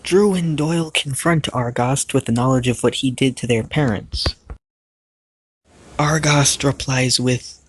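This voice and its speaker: A man's voice: medium pitch, a little slow, husky, dry recording. A man narrating a recap of a cartoon series as a YouTube reviewer, playful, with jokey asides to the viewer. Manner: grows louder and more animated in the climax.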